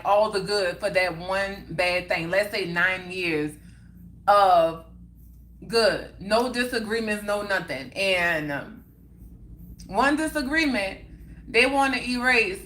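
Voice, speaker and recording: A young woman talks casually to her livestream viewers and answers their comments. Her voice is bright and sharp. She is emphatic and keeps circling back to the same points. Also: mid-range voice, a little hiss or hum. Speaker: livestream host.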